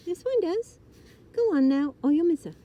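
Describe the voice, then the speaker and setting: A woman voicing a gentle, patient mother barn owl in a storybook reading. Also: very high-pitched, lively intonation, normal speed, voice pushed up. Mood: coaxing. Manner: gentle, coaxing.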